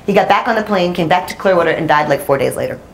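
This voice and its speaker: A woman's voice: fairly low pitch, animated, rapid-fire, a little hiss or hum. A woman in her forties, a journalist giving a storytelling talk to a room of listeners, chatty and self-deprecating, laughing often. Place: audience room.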